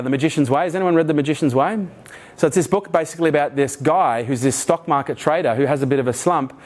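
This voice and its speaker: A middle-aged Australian man giving a keynote talk to an audience, telling a story with energy and frequent swearing. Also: medium pitch. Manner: energetic, swears freely, animated retelling. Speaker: keynote speaker. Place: in front of a live audience.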